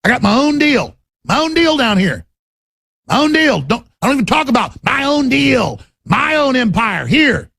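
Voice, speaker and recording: A man's voice: extremely high pitch, big pitch swings, moderate pace, gravelly, pushed and bright, breathy edge, no room sound, studio quality. A man from Texas hosting a talk show, ranting in a fiery, rambling and repetitive monologue.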